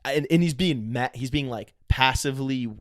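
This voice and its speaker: A man telling a bar story on a comedy podcast, animated and full of swearing, acting out other people's lines. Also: medium pitch, moderate pace, no room sound, clean studio sound. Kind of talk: casual storytelling chat.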